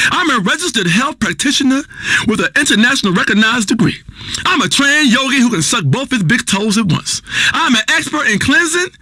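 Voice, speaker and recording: A man's voice: very high voice, sharp tone, no room sound, exaggerated voice. An actor playing a crude, preachy male radio spiritual guru who rambles and bursts into hollering. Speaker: radio talk show host. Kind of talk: scripted radio comedy acting.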